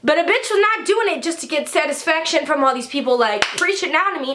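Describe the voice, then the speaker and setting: A teenage girl vlogger telling a storytime rant, animated, heated and full of profanity. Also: sits high, a little fast, few pauses, noisy background. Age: teens.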